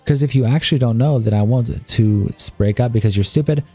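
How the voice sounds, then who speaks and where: A man streaming live, reading a long chat argument aloud in a rapid, flat read-through. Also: medium pitch, slightly rough, faint music behind.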